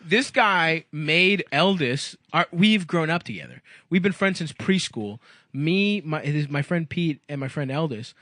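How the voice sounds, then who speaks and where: A man's voice: fairly high pitch, animated, unhurried, bright, forceful tone, dry recording. A man co-hosting a comedy podcast, telling crude stories in casual chat and laughing often. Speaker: podcast co-host.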